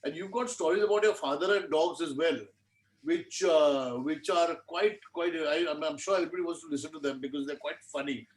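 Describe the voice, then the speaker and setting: A man with an Indian English accent, co-hosting a quiz show, halting and repeating words as he sets up questions. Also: on the high side. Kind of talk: casual hosting chat.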